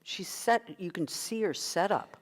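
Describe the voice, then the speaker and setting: Middle-aged woman, vocal coach, encouraging, slightly low voice, guides breath work. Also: unhurried. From United States. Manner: guiding breathing exercises, encouraging. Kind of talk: online vocal workshop.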